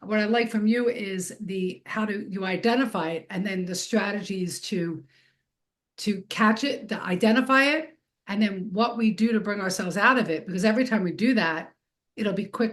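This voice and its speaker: A woman's voice: mid-range voice, moderate pace. A woman hosting a podcast, chatting casually and reflecting the guest's points back in her own words. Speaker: podcast host. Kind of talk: casual interview talk.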